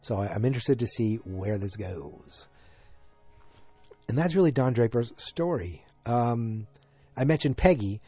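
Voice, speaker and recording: Casual male recapper, rambling and halting, mellow tone, mid pitch. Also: expressive, breathy edge, dry recording, soft background music. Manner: halting, many restarts and fillers, rambling. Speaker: show recap host.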